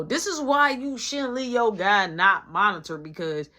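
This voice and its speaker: A woman telling a story in a casual storytime vlog, in a slangy, animated manner. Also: medium pitch, a little slow, few pauses.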